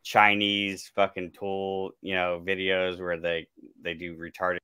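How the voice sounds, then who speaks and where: A man's voice: low voice, flat delivery, unhurried, bright, forceful tone, smooth, dry recording. A man on a podcast panel chatting casually, sarcastic and rambling with fillers. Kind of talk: casual chat.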